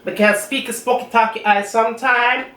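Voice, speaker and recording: A woman's voice: on the high side, steady tone, normal speed, a bit bright. A woman from Jamaica with a strong Jamaican accent, chatting casually with viewers while she eats on her cooking channel. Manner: chatty, talks between bites. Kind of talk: casual chat while eating. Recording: roomy echo, mic at a distance, faint room noise.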